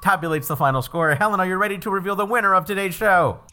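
A man's voice: sits high, quick pace, bright, forceful tone, soft background music. A man hosting a comedy quiz podcast, joking breezily as he wraps up and reads the plugs. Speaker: quiz show host.

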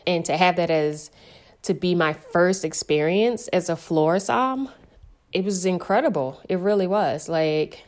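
A woman with a slightly low voice tells her career story as an interview guest. She talks candidly and conversationally, filling her sentences with "like" and "you know". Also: unhurried, darkish tone. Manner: candid, chatty, peppered with "like". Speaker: sommelier guest.

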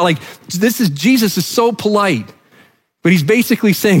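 A man's voice: high-pitched, moderate pace, slightly rough. A man from New Brunswick, Canada, preaching a sermon as pastor, telling the story vividly and acting out the quotes. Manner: animated storytelling preacher, acts out quotes, drops to soft emphasis.

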